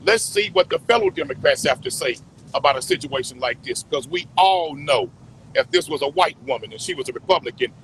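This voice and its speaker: A man's voice: on the high side, lively intonation, brisk, fairly bright tone, slight background noise, poor audio. A man closing a press event with formal, repetitive remarks, speaking outdoors. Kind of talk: public address.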